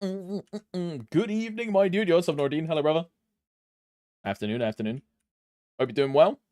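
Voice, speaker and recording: A young man from Britain talks casually to his stream chat, rambling from one thought to the next and humming softly between lines. His pitch swings widely up and down. The sound is dry and close, with no room echo. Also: sing-song, quick pace. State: allergies flaring up.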